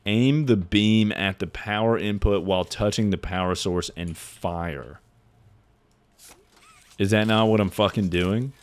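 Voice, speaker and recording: A man's voice: lowish voice, unhurried, clear, resonant tone. Tipsy, swearing male streamer. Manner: rambling, swearing, frequent laughter. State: drinking, tipsy. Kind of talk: casual game-stream chatter.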